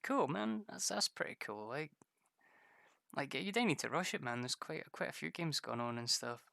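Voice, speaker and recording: A man's voice: fairly high pitch, expressive, normal speed, vocal fry, sharp tone, dry recording. A man chatting casually while streaming a game, rambling, stammering and laughing often. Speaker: gaming streamer. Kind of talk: casual gameplay chat with viewers.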